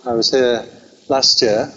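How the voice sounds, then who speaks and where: A man's voice: mid-range voice, fairly even intonation, slow pace, a bit bright. English guy teaching buddhism, chatty and joking at himself, kinda muffled lo-fi recording with a faint hiss. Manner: chatty, self-deprecating humor. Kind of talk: informal dharma talk. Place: meditation centre hall.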